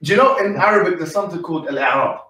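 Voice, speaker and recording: A man's voice: sits high, animated, racing, pushed and bright. Insistent man in an echoey room. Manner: insistent, repeats himself. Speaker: debate host. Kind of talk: live online debate. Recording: echoey room, far from mic.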